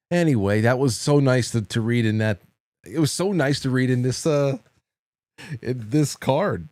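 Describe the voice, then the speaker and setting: A man's voice: medium pitch, darkish tone, dry recording. A man in his forties hosts a call-in show, telling meandering stories full of restarts and chuckles. His voice sits in a middle register. The sound is close and dry. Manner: rambling storyteller, breaks into laughter, quick repeated restarts. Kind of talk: casual late-night call-in chat.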